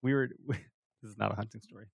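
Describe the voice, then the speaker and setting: A man's voice: lowish voice, rapid-fire, creaky. A man telling rowdy stories on a casual podcast, swearing freely and laughing as he talks. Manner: animated storyteller, profane, laughs often. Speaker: podcast co-host or guest. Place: podcast studio.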